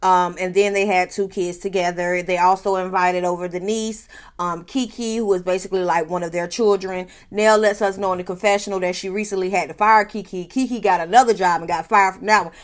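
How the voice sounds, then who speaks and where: A woman giving a sassy, animated, casual recap of a reality show, laughing often and talking straight to her viewers. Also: fairly low pitch, brisk.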